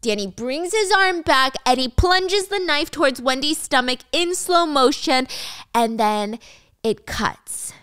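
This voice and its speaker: A young woman hosting a podcast who retells a show as a storytime, lively and casual, with some swearing. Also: high voice, unhurried, no echo, studio quality. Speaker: podcast host.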